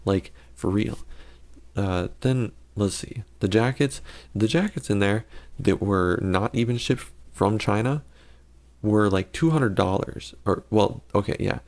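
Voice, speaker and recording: A man's voice: fairly low pitch, measured pace, a little mellow. A man giving casual gameplay commentary and telling a story, rambling and correcting himself with sarcastic asides.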